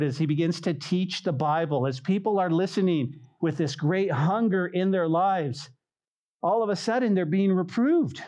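Male pastor, lively preaching, fairly high voice, talks straight to the congregation. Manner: animated, repeats phrases, calls out to congregation. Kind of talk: sermon.

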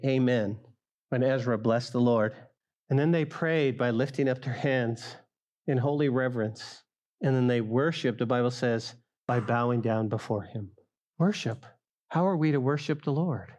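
A middle-aged male pastor preaching a sermon, speaking straight to the congregation and rising loud for emphasis. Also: mid-range voice, normal speed. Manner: acts out quoted voices of listeners.

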